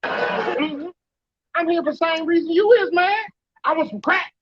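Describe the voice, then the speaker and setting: A man's voice: very high-pitched, unhurried. A man playing a giggling, drawling male crack addict in a comedy sketch, on a noisy lo-fi recording. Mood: gleeful. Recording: noisy lo-fi clip.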